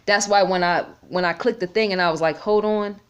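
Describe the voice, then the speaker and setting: A woman's voice: medium pitch, steady tone, clean tone, highs cut off. A woman talking off the cuff in a vlog, rambling and repeating herself, holding back tears. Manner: rambling, repeats words, pauses to type on phone. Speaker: vlogger. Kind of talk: casual unscripted talk to camera.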